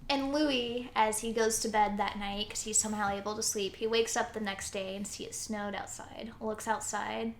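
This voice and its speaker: Chatting on a podcast she co-hosts, a young woman retells a story and performs each quoted line with animation. Her mid-range voice moves at a moderate pace with hardly any pauses; the room is echoey with faint noise.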